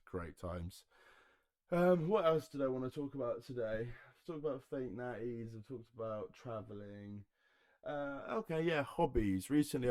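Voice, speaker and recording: A young man from Herefordshire hosts a solo podcast, talking in a loose, jokey ramble full of swearing and laughter. His voice sits low. It is recorded close and dry at his home setup. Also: no room sound. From Herefordshire, England. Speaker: podcast host.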